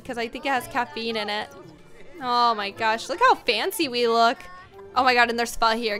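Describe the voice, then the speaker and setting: Bubbly high-voiced young woman gamer. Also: a bit bright. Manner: chatty, bubbly, talks to viewers. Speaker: gaming YouTuber. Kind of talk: casual let's play commentary.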